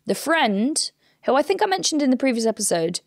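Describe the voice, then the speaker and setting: A woman's voice: sits high, sing-song, a little fast, no echo, studio quality. Woman co-host telling a story, swearing. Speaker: comedian co-host retelling a true crime case. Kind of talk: casual podcast chat.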